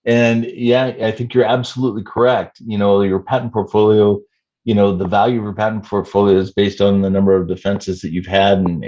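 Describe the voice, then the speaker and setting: A man in his fifties, a startup CEO answering interview questions in a measured way with many "you know" fillers. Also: fairly low pitch, a little mellow, muffled recording. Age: 50s.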